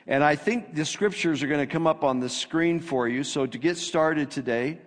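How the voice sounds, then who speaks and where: A man's voice: a little high, moderate pace. A man preaching a sermon as pastor, reading scripture with rising emphasis. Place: church sanctuary. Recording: long reverb of a church hall.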